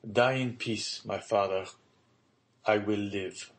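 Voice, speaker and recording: A man's voice: on the low side, steady tone, slow pace. A man voicing an earnest grieving young son. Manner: earnest, pleading.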